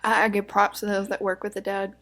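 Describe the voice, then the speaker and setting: A woman's voice: mid-range voice, completely flat delivery, brisk, fairly bright tone. A woman co-hosting a true-crime podcast in casual chat, emotional and outspoken, with the odd curse word. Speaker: podcast co-host.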